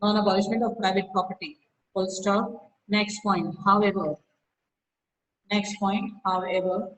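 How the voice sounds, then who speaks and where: A woman teacher dictates notes very slowly to an online class. She repeats each phrase and reads out every comma and full stop. Her pitch sits mid-range, and she is heard through a video call. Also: fairly even intonation, low-quality recording. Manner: scolds students sharply by name.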